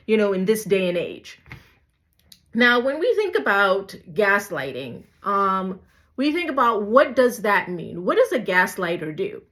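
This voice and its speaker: A woman's voice: fairly high pitch, fairly bright tone. Emphatic woman giving casual advice. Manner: emphatic, repeats points, asks rhetorical questions; frequent "right?" and "you know" tags. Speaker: YouTube vlogger. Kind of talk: casual advice talk to camera.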